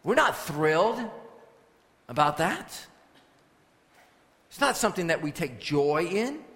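A man preaches to his congregation with a forceful, commanding delivery. He drops to low, firm instruction, then rises into loud scripture reading. His fairly high voice rings out with the long reverb of a large church hall. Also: sing-song, takes it slowly. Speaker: pastor. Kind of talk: sermon.

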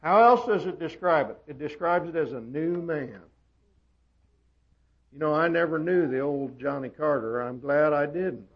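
A man preaching a sermon, swinging from loud emphatic peaks down to quiet asides. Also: moderate pace. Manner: emphatic, rising to loud high peaks then dropping quiet. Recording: dull lo-fi sermon recording.

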